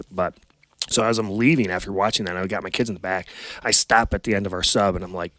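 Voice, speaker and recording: Low-voiced man telling animated stories. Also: quick pace, dry recording, poor audio. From United States. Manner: animated, voice jumps up when quoting himself. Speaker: podcast guest. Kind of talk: casual storytelling.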